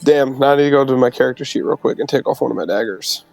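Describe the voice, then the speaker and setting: A man's voice: medium pitch, fast talker, vocal fry, a little mellow, faint music behind. A man chatting casually as a player at a tabletop game, laid-back and joking.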